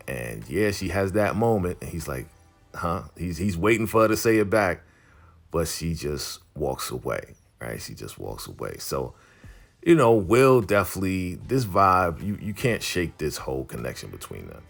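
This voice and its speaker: Deep male recap host, casual and rambling, soft music bed underneath. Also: big pitch swings, normal speed. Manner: loose and chatty, full of "you know" and "like". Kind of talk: casual episode recap, retelling scenes with quoted lines.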